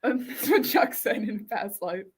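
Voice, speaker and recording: A woman's voice: on the high side, expressive, a little slow, breathy edge. A woman co-hosting a show in casual chat, teasing her partner and often giggling. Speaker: co-host.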